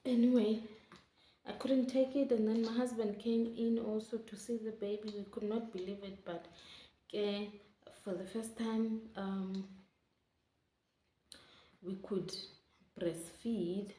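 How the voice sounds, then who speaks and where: A woman's voice: medium pitch, steady tone, slow pace, long pauses, mellow, a little hiss or hum. A young woman telling her story to camera in a chatty, emotional way, often calling her viewers guys. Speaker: vlogger. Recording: roomy echo.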